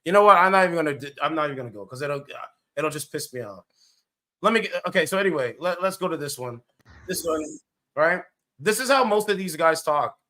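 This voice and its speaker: A man's voice: on the high side, lively intonation, brisk, pushed and bright. A man giving casual, blunt reaction commentary, rambling and swearing as he goes. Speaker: streamer commentator.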